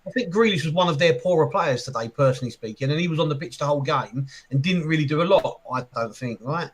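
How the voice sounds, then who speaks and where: A man's voice: fairly high pitch, quick pace. A man co-hosting a casual football chat, hedging every opinion with "I think". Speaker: podcast co-host.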